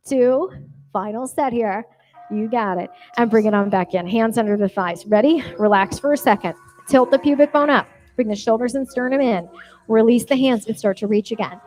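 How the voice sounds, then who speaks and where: A woman's voice: a little high, moderate pace, darkish tone, rough recording. A woman fitness instructor leading a barre class, counting reps and giving encouraging cues with cheerful whoops. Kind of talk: cueing a workout class. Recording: music playing behind. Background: workout music.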